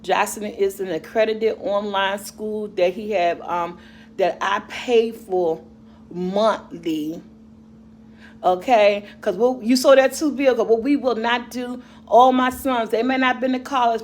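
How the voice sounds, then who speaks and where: A woman's voice: medium pitch, unhurried. A middle-aged woman vlogger and mother, chatting casually and rambling to her viewers about their comments, laughing often.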